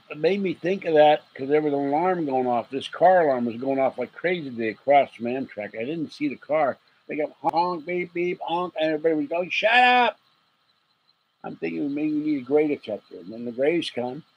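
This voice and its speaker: A man rambles through a late-night livestream, greeting viewers and spinning jokey tangents with frequent chuckles. His voice sits a little high and has a husky edge. He sounds drowsy as he talks. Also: dull audio. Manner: rambling, joking, chuckles often. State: getting sleepy. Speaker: livestream host.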